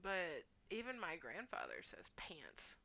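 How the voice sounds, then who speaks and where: A woman's voice: fairly low pitch, huge pitch swings, gravelly, pushed and bright. A woman from the United States co-hosting a casual podcast, chatty and full of "like". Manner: chatty, full of "like" and quick laughs. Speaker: podcast co-host. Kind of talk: casual chat.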